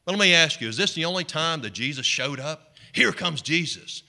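A male pastor preaching a sermon in an animated way, leading the congregation in call-and-response. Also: a little high, fairly quick, vocal fry.

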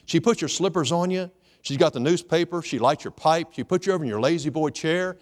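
A man's voice: a little high, a little fast, long reverb tail, pitched above the performer's own voice, lightly acted. A man preaching, voicing God in a joke with coaxing, leading questions. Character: coaxing, jovial God telling Adam about a wife.

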